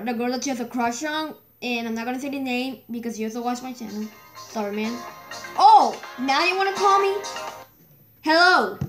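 A gaming video creator, recording on her phone's microphone, gives a chatty, easily exasperated running commentary while she plays. Her voice is high and a bit bright.

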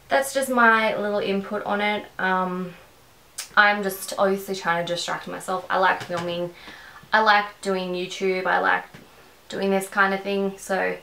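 A woman's voice: medium pitch, vocal fry, a bit bright, reverberant, rough recording. A woman with an Australian accent talking through a makeup tutorial in a rambling, conversational way, at home. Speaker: beauty vlogger.

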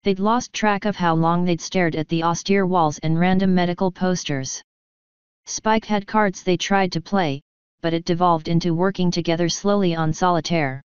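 A woman narrating a story in a measured, even way. Her voice sits low and comes across very clean and smooth. The recording is close and dry, with a dull, lo-fi sound. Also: no room sound. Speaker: fanfiction reader.

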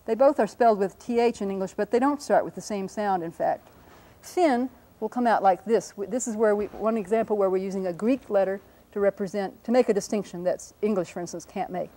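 A woman teaches a linguistics class at a whiteboard in a mellow, medium-pitched voice, talking quickly with hardly any pauses over a rough recording. She sounds out example words patiently, correcting her slips and apologizing as she goes.

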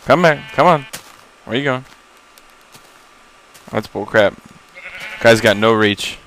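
Recording his first playthrough on a laptop, a young gamer speaks slowly in a medium-pitched, fairly bright voice, offering loose, rambling commentary. He pokes fun at himself, startles easily and curses at surprises, over poor audio with slight hiss or hum.

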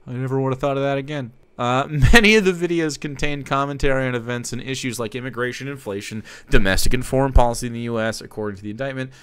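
A man's voice: mid-range voice, fast talker, hardly any pauses, fairly bright tone, clear, resonant tone, no echo. A man hosting live news commentary, reading an article aloud with sarcastic, profane asides. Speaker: streamer host.

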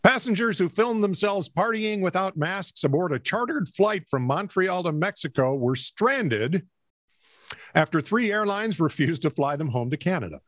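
A man's voice: high voice, expressive, moderate pace, no echo, clean studio sound. A man co-hosting a casual comedic news podcast, reading stories aloud, laughing easily and trading quips. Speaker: podcast co-host.

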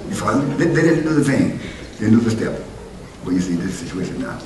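A man preaching a sermon as pastor, swinging between loud exhortation and low, conversational asides. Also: quick pace. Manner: animated preaching, rising to loud exhortation then dropping low. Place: church sanctuary. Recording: echoey church heard from a distance with noise.

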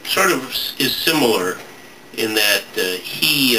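Man, host, casual studio chat, rambling, slow, noisy background. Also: mid-range voice, expressive. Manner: rambling, halting while groping for names. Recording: distant mic with background noise.

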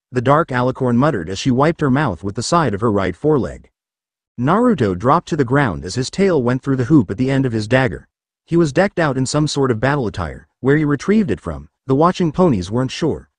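Animated man narrating a story. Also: mid-range voice, brisk, no echo. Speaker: story reader. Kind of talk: scripted narration of a fan story.

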